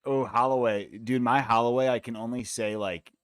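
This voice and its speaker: An American man hosts a live fight watch-along stream, chatting casually in a laid-back, rambling, profane way. His mid-range voice is smooth with fairly even intonation at a normal speed, and the studio recording is clean with no room sound.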